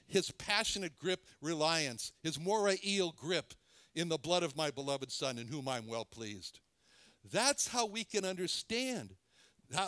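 A man preaching a sermon in an earnest, halting way, often restarting and repeating words. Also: on the high side, fairly bright tone, dry recording. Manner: earnest, lingers on phrases.

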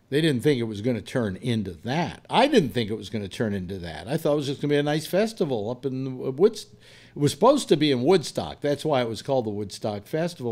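A man's voice: mid-range voice, darkish tone. Man in his 70s, radio host, rambling anecdotal storyteller, casual panel chat.

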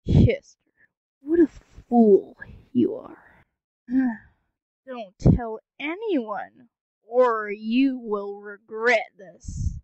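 A woman voicing a cold, threatening villain pony with a lowered, slow voice in an amateur fan audio drama. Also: a little mellow, no echo, highs cut off. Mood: menacing.

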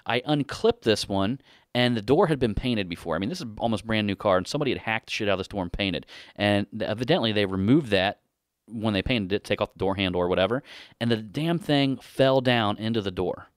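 A man's voice: fairly low pitch, lively intonation, a little fast, no room sound, studio quality. A middle-aged man hosting a casual podcast, telling a rambling, profane shop story with frequent laughter. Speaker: podcast host, dent repair shop owner.

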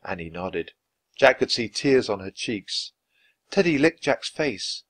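A man reading a children's book aloud, with expressive, lively narration. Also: mid-range voice, unhurried, dry recording. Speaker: storyteller.

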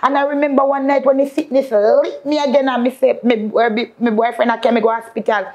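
A Jamaican woman, her voice sitting a little high, gives a heartfelt testimony in thick patois. She often draws out her words slowly and calls out to her listeners as people of faith. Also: fairly even intonation, darkish tone. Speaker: guest. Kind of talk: emotional testimony.

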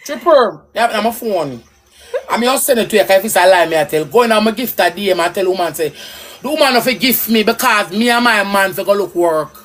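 A woman's voice: mid-range voice, animated, a little fast. A woman with a Jamaican accent ranting angrily on a livestream, cursing and swooping up and down as she talks. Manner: angry, cursing, loud and swooping. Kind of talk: heated livestream rant.

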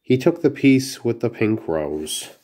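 A man's voice: medium pitch, big pitch swings, slow pace, mellow. A man reading a children's storybook aloud, carefully, with small slips and restarts. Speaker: narrator.

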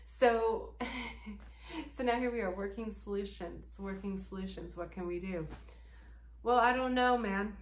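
A woman's voice: fairly high pitch, slow, long pauses. Sarcastic, swearing woman vlogger. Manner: sarcastic, profane, laughing often. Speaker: commentary vlogger. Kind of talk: casual reaction commentary.

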